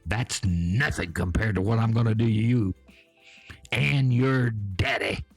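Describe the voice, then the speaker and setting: An older man voicing a feisty small-town mother, with a sharp, scolding delivery raised well above his own voice. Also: fairly low pitch, measured pace, creaky, slightly rough, no echo, faint music behind, voice pushed up, exaggerated voice. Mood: furious.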